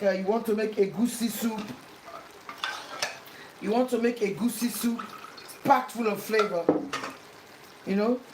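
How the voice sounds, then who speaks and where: A woman's voice: fairly high pitch, darkish tone, slight background noise. A woman hosting a casual cooking demonstration, chatty and repetitive, now and then slipping into playful sing-song. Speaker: cooking vlogger. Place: home kitchen. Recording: roomy kitchen echo, faint ambience.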